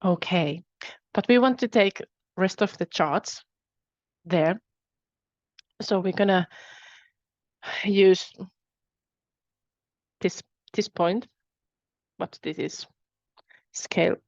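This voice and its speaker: A woman hosting a webinar, guiding a tapping exercise with calm, repetitive phrases to repeat after her. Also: mid-range voice, drawn-out words, long pauses, no echo, muffled recording. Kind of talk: guided repeat-after-me instruction.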